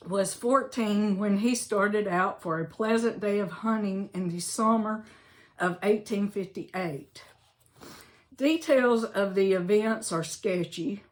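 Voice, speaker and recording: A woman, reading a local history book aloud in a chatty way, with asides and self-corrections. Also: mid-range voice. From Alabama, US.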